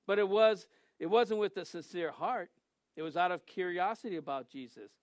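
A man's voice: sits high, lively intonation, normal speed, no echo. A male pastor giving a sermon in a conversational, storytelling way that turns emphatic at times.

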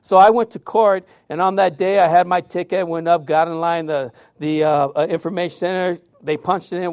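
A man preaches with a high, lively voice, telling stories with sudden loud outbursts and hushed drops. His sound is dry and close, with no room echo. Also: brisk. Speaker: pastor. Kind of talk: sermon.

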